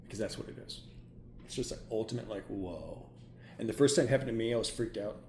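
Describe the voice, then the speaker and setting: A man who works as a hypnotherapist, chatting casually and excitedly, rambling with many "like"s. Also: on the low side, fast. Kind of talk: casual chat. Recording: roomy with faint ambient noise.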